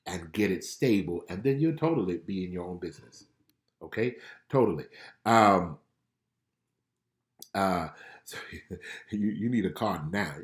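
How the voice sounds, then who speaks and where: A man giving live prophetic readings in answer to viewers' questions. He talks in a casual, chatty way, laughs often and keeps checking in with his listeners. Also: fairly low pitch. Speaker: prophet and spiritual life coach. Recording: roomy echo.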